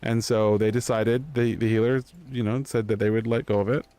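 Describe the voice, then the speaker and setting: A man's voice: medium pitch, flat delivery, brisk, warm tone, clear, resonant tone. A man streaming live, telling a story in a loose, rambling way with lots of fillers. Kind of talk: casual chat.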